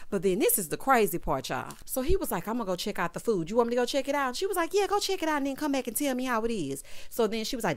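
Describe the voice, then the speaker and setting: A woman hosting a reality show recap, talking in a sassy, animated way with lots of asides to her viewers. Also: fairly high pitch, rapid-fire, hardly any pauses. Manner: sassy, animated, quotes cast members in voices. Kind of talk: casual recap commentary.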